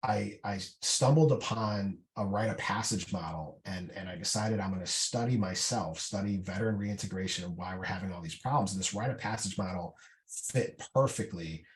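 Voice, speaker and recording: In a deep voice at normal speed, a middle-aged man tells his story as a veteran guest on a podcast, recorded in an indoor podcast room. He's candid and casual, often using fillers and starting over.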